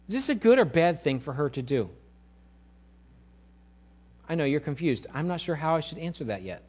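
A middle-aged male pastor preaching a sermon, animated and sometimes acting out quoted voices loudly. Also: on the high side, normal speed, slightly rough.

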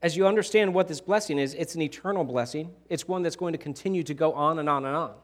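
Man, pastor, casual sermon, slightly high voice, rising emphasis. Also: quick pace. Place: church.

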